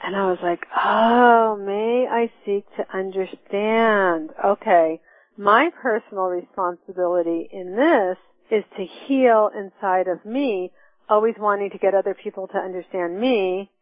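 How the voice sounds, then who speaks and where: A woman's voice: mid-range voice, moderate pace, dry recording. Woman teaching over a tinny phone line. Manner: earnest, reflective, speaks in steps. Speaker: teacher of a forgiveness class. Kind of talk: teaching talk with personal examples.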